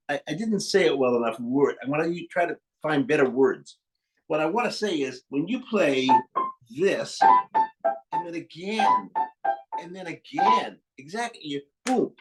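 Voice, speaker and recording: Slightly high-voiced, the piano teacher encourages his young pupil and plays phrases to show how they go during masterclass coaching. The recording, made in the room with the piano, is low quality, and the instrument is loud over his speech.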